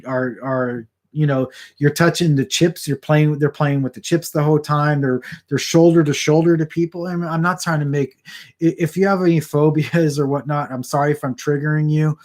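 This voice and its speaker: A man's voice: fairly high pitch, darkish tone. A man talking casually to a camera about four feet away, rambling and restarting his sentences often. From Southern California. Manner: rambling, frequent restarts and stammered repeats.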